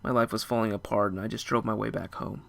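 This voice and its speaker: A man's voice: on the low side, fairly even intonation, fast, vocal fry, fairly bright tone. A young man narrating a first-person story in a casual, dramatic way. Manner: casual, dramatic, with short laughs.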